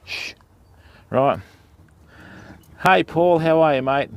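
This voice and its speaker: Outdoors beside a river on private property, a middle-aged Australian man runs a casual fishing livestream, chatting easily and welcoming viewers by name. His medium-pitched voice moves at normal speed, with no echo but the highs cut off.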